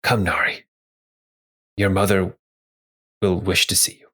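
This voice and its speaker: A man voicing a warm gruff old father. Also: low voice, steady tone, a little slow, heavily acted.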